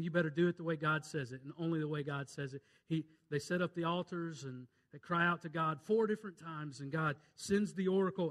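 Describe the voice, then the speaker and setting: A man with a Mississippi accent preaching a sermon, retelling a Bible story in a folksy way and swinging between loud and hushed. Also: a little high. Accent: Southern US, Mississippi. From Mississippi, USA. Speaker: pastor.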